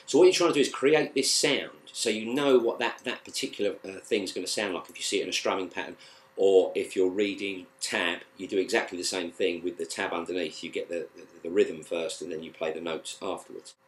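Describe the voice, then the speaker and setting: Low-voiced British guitar teacher. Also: male voice. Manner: relaxed, halting explanations with many fillers and restarts. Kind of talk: casual spoken lesson.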